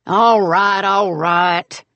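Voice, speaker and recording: Woman narrator putting on a cranky toothless old grandpa, low and gruff, audiobook. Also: big pitch swings, measured pace, no echo, muffled recording, full character voice. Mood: grumbling. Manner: gruff, curt, grumbling.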